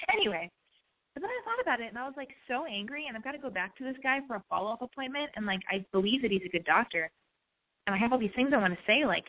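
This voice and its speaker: A woman's voice: on the high side, animated, fast. A woman hosting her own show, telling a rambling, profane, self-mocking story in casual chat. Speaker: podcast host. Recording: tinny phone-like line.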